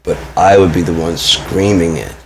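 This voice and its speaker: A man's voice: deep voice, steady tone, normal speed, a little hiss or hum. A man telling a personal story in an agitated, profane monologue with many restarts. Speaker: vlogger.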